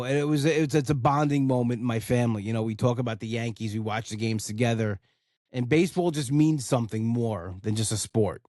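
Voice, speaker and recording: A man's voice: mid-range voice, a little mellow, no room sound, clean studio sound. A man, hosting a casual solo podcast, talking in a rambling, heartfelt way with many "you know" fillers. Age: 40s. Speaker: podcast host.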